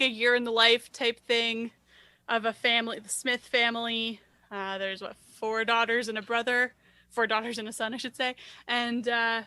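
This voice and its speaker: A woman's voice: fairly high pitch, pushed and bright, no echo. A woman co-hosting a podcast, chatting casually and hedging with frequent restarts. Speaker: podcast co-host. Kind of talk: casual chat.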